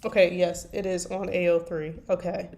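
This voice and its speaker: A woman with a slightly low voice talks loosely to her stream viewers as she works on her writing. She rambles and jokes at her own expense. Soft keyboard clicks tap away behind her. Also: level tone, moderate pace, creaky, a little hiss or hum. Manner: rambling, self-deprecating, chatting to viewers. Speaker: fanfiction writer live-streaming. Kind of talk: casual live-stream chat while writing. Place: at a computer desk. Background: faint keyboard typing and clicks.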